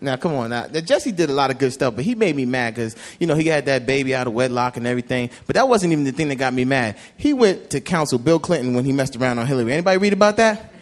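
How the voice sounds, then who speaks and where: A man doing a stand-up routine in an animated, conversational way. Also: mid-range voice, quick pace. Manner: animated, conversational, swings between loud and quiet. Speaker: stand-up comedian. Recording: live club with laughing crowd and noise.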